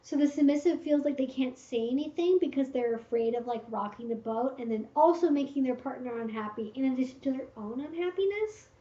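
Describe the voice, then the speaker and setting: High-voiced woman hosting a livestream. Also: a little fast, hardly any pauses, warm tone. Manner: frank and direct, with many fillers. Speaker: livestream host giving advice. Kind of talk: casual livestream Q&A. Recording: roomy, slightly dull stream audio.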